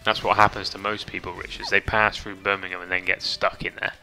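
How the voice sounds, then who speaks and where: A man's voice: sits low, flat delivery, fairly quick, bright, forceful tone. A man chatting casually as he streams a game, reading chat and swearing lightly, with faint game music behind. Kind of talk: casual gameplay commentary.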